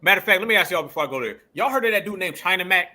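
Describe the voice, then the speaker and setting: A man leads a loose group talk show. His voice is bright and forceful, and his pitch swings widely. He talks in an animated, profane way. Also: very fast. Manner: animated, profane, calls on co-hosts. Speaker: podcast host.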